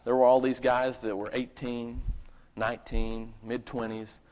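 A man preaching a live sermon at a church service, swinging between loud emphatic bursts and quiet asides and asking the congregation questions. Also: mid-range voice, level tone, measured pace. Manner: asks the congregation rhetorical questions. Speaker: pastor. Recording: lo-fi dull recording.

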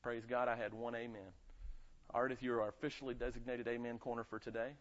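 A man's voice: mid-range voice, little pitch movement, a little fast. A male pastor from North Carolina with a light Southern accent, preaching a sermon in a conversational way and asking his congregation for amens. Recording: muffled lo-fi sound.

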